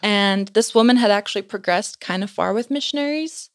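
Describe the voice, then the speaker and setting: A young woman telling an eerie story in a loose, chatty way, leaning on "like" between phrases. Her voice sits at a middling pitch, and the delivery stays casual and conversational. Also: fairly quick. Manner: chatty, frequent "like" fillers.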